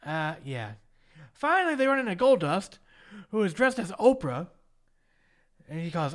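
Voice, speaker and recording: A man's voice: high-pitched, big pitch swings, moderate pace, long pauses. A man hosting a casual chat, recapping a show in a jokey way and slipping into mock voices to quote people. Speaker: podcast host.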